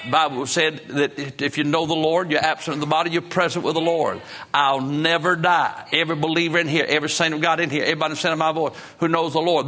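A man preaching a sermon, swinging from hushed lows to high, impassioned peaks, with folksy grammar. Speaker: pastor.

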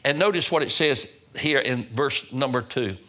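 Older man, folksy preacher at the pulpit. Bright, forceful tone, middle pitch. Stumbles and repeats as he builds his points. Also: moderate pace. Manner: folksy, repeats words and restarts phrases. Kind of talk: sermon.

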